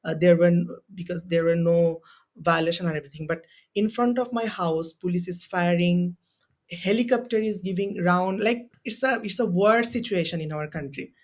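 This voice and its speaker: A man's voice: high voice, normal speed. A young man from Bangladesh with a Bangladeshi accent, a university student guest on a podcast interview, speaking in an impassioned, emotional way and repeating phrases for emphasis. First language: Bengali. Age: young adult.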